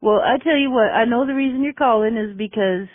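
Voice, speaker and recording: A woman's voice: fairly high pitch, a little fast, dry recording. Woman radio host, chatty and giggly, dry lo-fi audio. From Texas. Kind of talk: radio interview.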